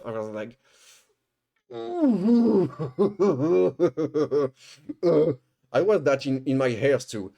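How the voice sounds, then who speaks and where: Rambling man telling a story. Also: mid-range voice. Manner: rambling, restarting, swearing, animated retelling. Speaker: streamer. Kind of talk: casual storytelling on stream.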